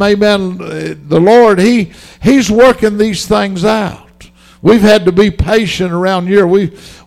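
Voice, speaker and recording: A man's voice: high voice, gravelly, a little mellow. A man preaching a sermon, fervent and folksy, repeating himself for emphasis. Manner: fervent, repetitive, folksy storytelling. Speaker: pastor.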